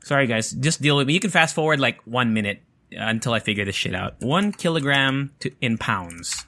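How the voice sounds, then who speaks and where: Smoking as he speaks, a male vlogger chats casually with viewers from his home, rambling, joking, and cursing without restraint. His mid-range voice has lively intonation, a moderate pace, and a sharp edge.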